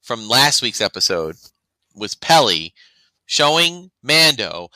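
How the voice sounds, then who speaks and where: This podcast co-host talks slowly in a sing-song way, his medium-pitched voice carrying a sharp tone. Chatting casually, he rambles, restarts often, and dramatizes others' reactions, captured in a low-quality recording without room sound.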